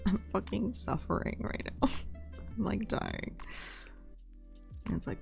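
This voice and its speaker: Gravelly-voiced young woman streamer, sarcastic. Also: medium pitch, lively intonation, normal speed, long pauses, a little mellow, soft background music. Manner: sarcastic, swears freely, slangy asides. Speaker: live streamer. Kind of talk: casual chat while drawing on stream.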